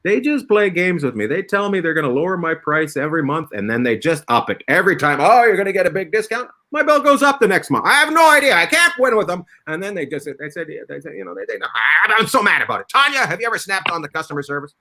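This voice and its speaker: A high, lively man's voice with a bright, sharp edge hosts a comedy panel game. He teases his guests in brash, profane bursts. His pitch swings widely from line to line. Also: quick pace, few pauses. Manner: brash, profane, teasing, animated outbursts. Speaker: comedian host of an online roundtable game show. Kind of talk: loud joking banter.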